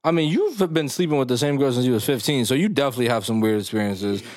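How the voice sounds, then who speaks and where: A young man hosting a podcast, telling stories in a loose, animated way full of slang and laughs. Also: mid-range voice, fast talker. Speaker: podcast host. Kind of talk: casual podcast chat.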